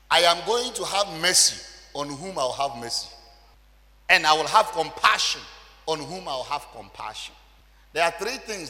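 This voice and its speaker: A male pastor preaching a sermon, swinging between loud shouted emphasis and quiet low asides. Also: in a large hall.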